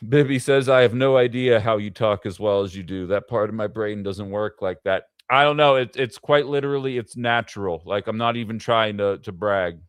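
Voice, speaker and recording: A man's voice: fairly low pitch, normal speed, few pauses, smooth, no room sound. A man hosting a casual political livestream, talking in a rambling way with fillers and asides to his chat. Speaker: livestream political show host.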